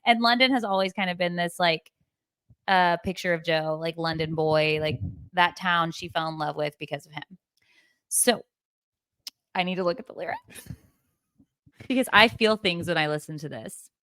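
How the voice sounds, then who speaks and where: A woman hosting a podcast chats about music in a lively, filler-heavy way. Her voice sits a little low for a woman. The recording is close and dry. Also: moderate pace, pauses often, clean tone, dry recording. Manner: chatty and animated, leans on filler words. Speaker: podcast host. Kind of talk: casual chat about music.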